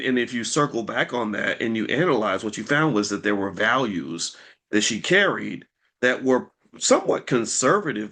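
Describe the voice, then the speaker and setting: A man's voice: medium pitch, gravelly, a bit bright. A middle-aged man hosting a casual talk to camera about money and mental health, speaking in a loose, folksy way and often repeating words as he goes. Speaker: host.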